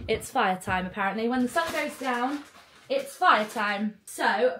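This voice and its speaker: A woman's voice: medium pitch, a bit bright, slight background noise. Chatty woman vlogging. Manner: chatty, bubbly, coos to her dog. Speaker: lifestyle vlogger. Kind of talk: casual chat to camera. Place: cabin in the woods.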